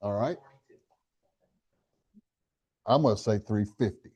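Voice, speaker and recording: A middle-aged man giving a live real estate training, energetic and talking straight to the audience with questions. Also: lowish voice, slow, slightly rough. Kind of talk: live motivational training talk.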